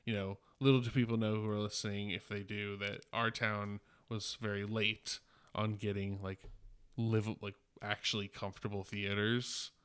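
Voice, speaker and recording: A man's voice: fairly low pitch, level tone, normal speed, a bit bright, clean tone. A man in his twenties co-hosting a podcast, telling rambling, profane stories full of fillers. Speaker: podcast co-host. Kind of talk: casual podcast chat.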